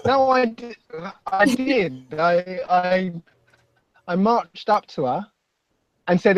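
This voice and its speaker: Male guest, Basildon accent, halting, self-deprecating, pitched a bit high, dry close sound. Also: no room sound, lo-fi sound. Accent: Basildon, Essex. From England. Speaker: podcast guest. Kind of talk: casual chat.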